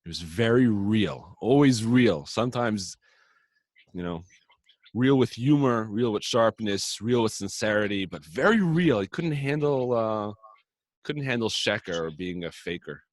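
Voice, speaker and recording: A man's voice: lively intonation, a little slow, no echo. A man co-hosting a podcast, telling a story in an earnest, casual way. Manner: earnest storyteller, rises in pitch for quoted lines. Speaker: podcast co-host.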